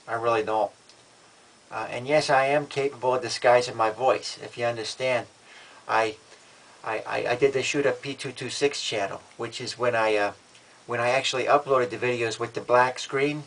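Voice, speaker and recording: A man's voice: mid-range voice, fairly even intonation, moderate pace, a bit bright, rough recording. A man talking to camera in a casual vlog, matter-of-fact and defiant, often restarting and repeating words. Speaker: vlogger.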